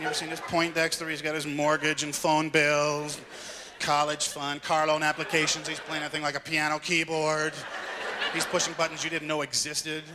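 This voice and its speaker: A man's voice: a little high, little pitch movement, moderate pace, noisy background. A man doing a stand-up set on a club stage, ranting impatiently and acting out exasperated people. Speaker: stand-up comedian. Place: comedy club stage before a live audience. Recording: live stage recording with crowd laughter.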